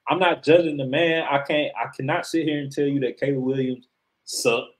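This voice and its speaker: A man's voice: fairly high pitch, fairly even intonation, fairly quick, low-quality recording. A man co-hosting a sports podcast, talking in a casual, emphatic and profane way as he argues his opinion. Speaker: podcast co-host.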